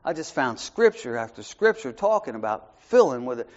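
A man leading an informal Bible study, talking in a conversational way that swings from soft asides to raised emphasis and keeps checking in with "right?". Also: on the high side, lively intonation, moderate pace, hardly any pauses. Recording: muffled lo-fi recording.

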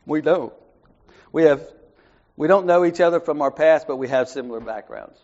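A man's voice: a little high, normal speed. Man giving a casual Bible study talk. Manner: conversational, repeats "right?", swings from soft asides to raised emphasis. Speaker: lay preacher leading a Bible study. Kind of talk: informal Bible study sermon. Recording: muffled lo-fi recording.

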